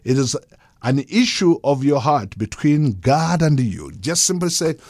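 A man's voice: on the high side, very animated, a little slow, a little mellow, no room sound, clean studio sound. A man delivering a sermon in an emphatic preaching cadence, unscripted and full of fervor.

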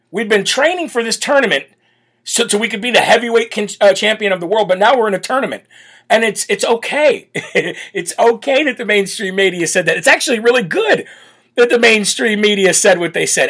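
A man hosting a political talk show, talking in a brash, blunt and forceful way, often repeating himself for emphasis. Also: high-pitched. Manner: repetitive, emphatic restarts. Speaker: host.

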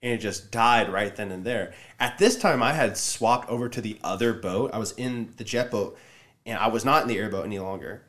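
A man's voice: on the low side, fairly quick. Casual man telling a story. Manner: animated, loud when acting out shouted lines.

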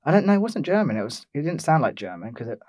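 A man's voice: on the high side, very animated, fast talker, darkish tone, no echo. A young man from England telling a rambling holiday story in casual chat, with lots of fillers and restarts. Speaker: podcast co-host.

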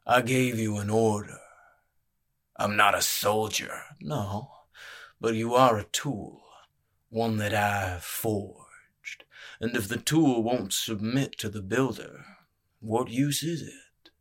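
A spindly crime boss, as a male narrator puts him on, speaking with slow, soft, measured menace. His voice sits fairly low and never rises to a shout. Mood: cold menace. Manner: soft, slow, quietly threatening.

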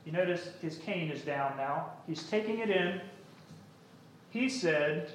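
A man preaching a sermon, telling an illustration and reciting a poem in a measured storytelling way. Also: a little high, animated, echoey room.

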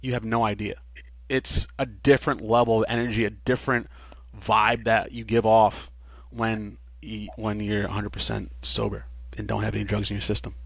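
A man's voice: fairly low pitch, normal speed, gravelly, dry recording. Earnest man telling his story, dry sound. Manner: earnest, animated storytelling with laughs. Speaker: podcast guest. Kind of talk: casual interview talk.

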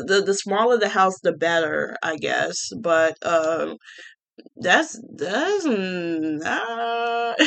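A woman's voice: medium pitch, bright, forceful tone. Blunt sarcastic young woman ranting. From Gary, Indiana. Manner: blunt, sarcastic, profane, laughs often. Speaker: vlogger. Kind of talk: casual ranting monologue.

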